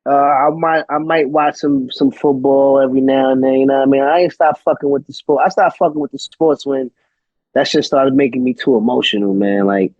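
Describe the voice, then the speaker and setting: A man's voice: medium pitch, fairly even intonation, brisk, darkish tone, dry recording, highs cut off. A man from Brooklyn, a guest rapper talking casually in an interview, laid-back and profane, leaning on "you know what I mean". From Brooklyn, New York.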